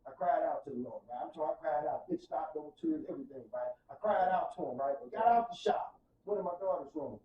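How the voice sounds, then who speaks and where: St guy preaching his story on a podcast, goes quiet then loud, kinda far off in an echoey room. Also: on the high side, lively intonation, fast talker, hardly any pauses. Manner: fervent, preacher-like, swings from soft to loud. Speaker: podcast guest. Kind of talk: emotional testimony in casual podcast talk. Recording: roomy, distant, dull sound.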